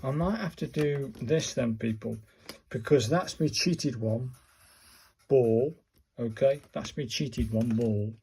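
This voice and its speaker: An unhurried man talks through a casual home tutorial, questioning himself aloud and addressing his viewers. His voice is mellow and mid-pitched. A faint hiss of noise sits under the recording. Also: vocal fry. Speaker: vlogger learning calligraphy.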